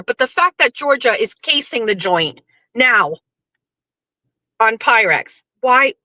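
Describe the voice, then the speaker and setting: A woman's voice: on the high side, lively intonation, takes it slowly, pauses often, bright, forceful tone, no room sound. A middle-aged woman hosting a live show, chatting casually to her viewers, swearing and talking back to the chat. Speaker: livestream show host.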